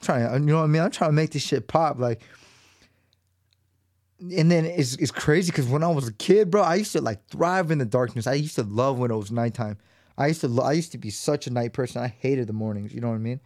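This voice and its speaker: Thirties male podcast host, mid-pitched, loose and profane, close dry mic. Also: fairly quick, darkish tone, no echo. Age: 30s. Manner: loose, profane, rambling with many fillers. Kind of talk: solo podcast monologue.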